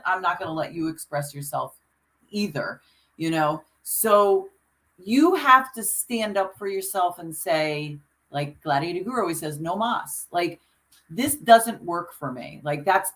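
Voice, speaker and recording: A woman's voice: medium pitch, fairly bright tone, rough recording. Earnest woman coaching in casual talk. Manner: earnest, coaching tone with many restarts. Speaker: podcast co-host. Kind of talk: casual conversational discussion.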